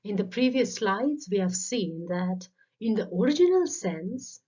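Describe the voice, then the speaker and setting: In a dull, lo-fi voice-over, a woman teaching literature lays out terms methodically in scripted lecture form. She speaks at a measured pace with a mellow, husky, medium-pitched voice and lively intonation.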